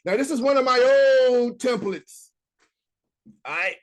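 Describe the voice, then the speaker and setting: High-voiced casual online business coach. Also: male voice, animated, unhurried. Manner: casual, talks to viewers directly, reads notes aloud. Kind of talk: live screen-share coaching session.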